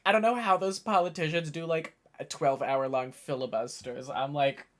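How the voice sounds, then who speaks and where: A man's voice: fairly high pitch, fairly even intonation, moderate pace. A 24-year-old man live-streaming and chatting casually with his viewers, rambling on and thinking aloud, his voice worn and tired after hours of talking.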